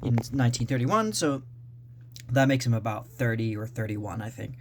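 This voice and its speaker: A man talking unscripted about his novel drafts in a rambling, halting way with many restarts. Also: mid-range voice, expressive, slight background noise. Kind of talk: unscripted casual vlog talk.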